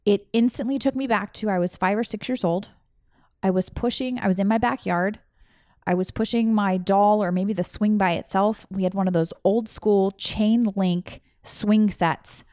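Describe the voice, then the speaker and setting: A woman in her thirties tells a personal story with raw candor, cursing often as she goes. Her voice sits at a middle pitch, and the sound is dry and close with little room echo. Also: a little mellow. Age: 30s. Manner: candid, emotional, swears freely.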